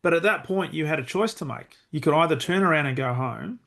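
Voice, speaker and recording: A man's voice: a little high, lively intonation, fairly quick, vocal fry, fairly bright tone. A middle-aged man hosting a podcast, reflecting on a guest's story and summing up its lesson. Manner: reflective, thinks aloud with restarts. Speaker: podcast host. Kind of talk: podcast interview.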